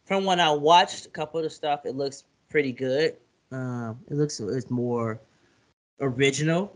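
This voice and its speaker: A man co-hosting a casual podcast chat, talking loosely and laughing as he retells TV scenes. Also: measured pace. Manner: animated, laughing, acts out scenes in high put-on voices. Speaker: podcast co-host.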